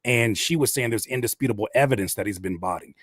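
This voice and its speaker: A man hosting a casual podcast chat, talking in an animated way and acting out quotes. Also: mid-range voice, quick pace, no echo, clean studio sound. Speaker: host.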